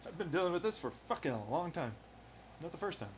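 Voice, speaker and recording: A man's voice: fairly high pitch, big pitch swings, fast talker, a little hiss or hum. A man rambling in a profane monologue, firing off rhetorical questions. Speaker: vlogger.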